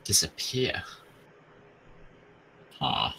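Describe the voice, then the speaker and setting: A man's voice: very slow, sharp tone, a little hiss or hum, poor audio. A man playing a tabletop game, asking casual questions of the game master. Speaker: player.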